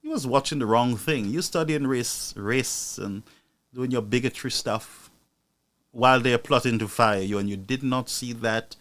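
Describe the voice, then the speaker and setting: A man's voice: medium pitch, measured pace. Indignant male political commentator. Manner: indignant, rising to loud outbursts, addresses "folks". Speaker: news commentary host.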